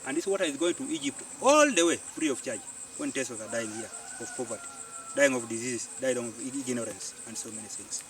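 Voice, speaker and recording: A Ugandan man, a farmer and community organiser, telling his story in an animated way and repeating phrases for emphasis, recorded outdoors. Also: medium pitch, fairly quick, a little hiss or hum. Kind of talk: storytelling interview. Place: outdoors on a farm. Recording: distant mic outdoors, faint insects.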